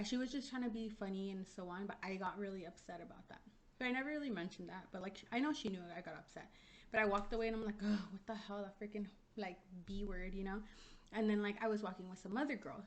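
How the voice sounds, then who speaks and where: A woman's voice: medium pitch, fast talker. A young adult woman co-hosting a podcast, chatting casually and telling stories with lots of "like" and the odd swear word. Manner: chatty storytelling, heavy use of "like", swearing. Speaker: podcast co-host. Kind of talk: casual chat.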